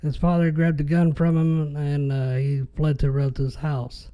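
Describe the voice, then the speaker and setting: A man's voice: fairly high pitch, little pitch movement, normal speed, dark tone, clean tone. A man hosting a podcast, ranting in an exasperated, casual way. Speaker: podcast host.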